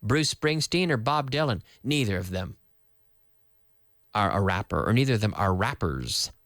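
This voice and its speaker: A man teaches a live English lesson, firing off questions and answering them himself. His pitch swings widely from high questions to low answers. The studio sound is close and dry. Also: normal speed, no room sound. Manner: lively, quizzing with questions and answers. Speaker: English teacher, radio host. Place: radio studio.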